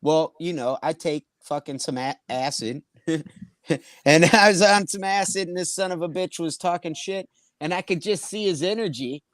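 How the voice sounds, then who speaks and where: A man's voice: a little high, moderate pace, a bit bright, no echo. Brief: male comic spinning a crude road story, dry close mic, acts out the voices. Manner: rambling, profane, acts out quoted voices. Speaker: comedian telling a story. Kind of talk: casual storytelling chat.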